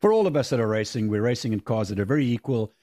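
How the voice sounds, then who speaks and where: A man speaks as a guest over a video call. He talks in a casual but firm way and presses his points with emphasis. His voice sits at an average pitch. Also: big pitch swings, very fast, dark tone. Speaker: guest, race car driver. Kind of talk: casual interview chat.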